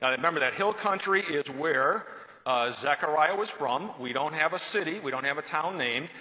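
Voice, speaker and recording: A man's voice: on the high side, animated, moderate pace, pushed and bright. A man teaching a Bible study in a conversational, explanatory way, taking a question from the class and reading scripture aloud. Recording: long hall reverb.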